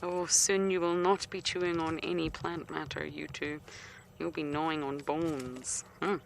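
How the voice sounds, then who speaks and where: A woman's voice: low-pitched, fairly even intonation, measured pace, creaky. A woman guiding a live safari broadcast outdoors, chatty and playful, often dropping to a whisper. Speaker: safari guide. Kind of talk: live game-drive commentary. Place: outdoors in the bush. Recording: faint outdoor noise on a live feed.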